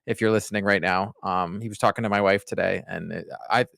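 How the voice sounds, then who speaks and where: Middle aged podcast guy, lowish voice, dry close mic, rambling story, does the voices in his anecdotes. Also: steady tone, fast, creaky, fairly bright tone, no room sound. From Canada. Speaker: podcast co-host. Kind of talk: casual chat.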